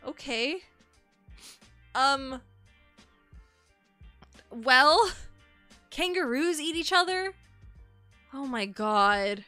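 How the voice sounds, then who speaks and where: Bright-voiced young woman streamer. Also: very slow, pauses often, no room sound, soft background music. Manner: shocked exclamations, frequent swearing; reads entries aloud in a lower, calmer tone. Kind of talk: live-stream reaction and reading aloud.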